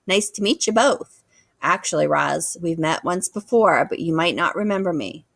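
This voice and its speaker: A woman's voice: fairly low pitch, expressive, moderate pace, vocal fry, a bit bright, dry recording, clean studio sound, full character voice. A woman voicing a chatty, friendly female otter who talks eagerly.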